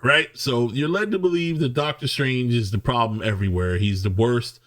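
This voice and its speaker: A man's voice: mid-range voice, moderate pace, few pauses. A man giving a casual, rambling film review, ranting with profanity and sarcasm. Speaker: movie reviewer.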